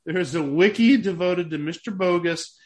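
Wry podcast co-host, man, high-pitched, chatty and amused. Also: moderate pace, a little mellow. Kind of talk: casual chat.

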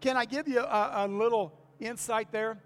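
A man's voice: very high-pitched, moderate pace, fairly bright tone. An older man preaching to his congregation in a folksy manner, repeating key lines and asking for amens. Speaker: pastor. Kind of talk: sermon. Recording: long reverb of a church hall.

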